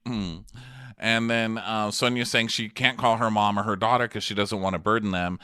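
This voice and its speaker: A man's voice: on the low side, normal speed, clean tone, no room sound, clean studio sound. A man co-hosting a comedy chat, recapping reality TV with campy, mocking delivery. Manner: campy, mocking, animated impressions. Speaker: podcast co-host recapping a reality show. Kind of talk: comedic casual chat with impressions.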